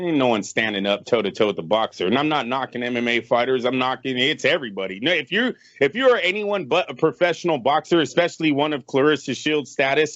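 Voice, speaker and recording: A man's voice: medium pitch, no echo. A man co-hosting a casual sports podcast, blunt and emphatic and freely cursing, heard over a slightly muffled, dry online call. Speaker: podcast co-host.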